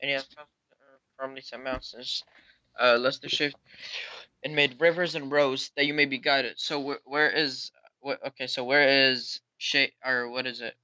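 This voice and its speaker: A man's voice: mid-range voice, steady tone, normal speed, bright, forceful tone. Young-sounding man on a lo-fi call. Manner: hesitant, searches for words. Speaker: caller. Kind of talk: call-in debate.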